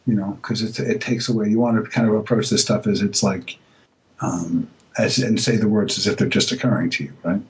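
A man's voice: on the low side, fairly quick, low-quality recording. Hesitant man telling stories in an interview. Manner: hesitant, many fillers and restarts; relaxed storytelling, laughs easily. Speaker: voice actor, interview guest. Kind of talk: casual interview chat.

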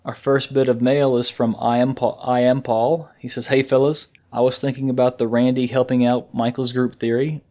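A man co-hosting a casual fan podcast, rambling in a relaxed way, with restarts and chuckles. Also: mid-range voice, moderate pace, few pauses, lo-fi sound. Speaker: podcast co-host.

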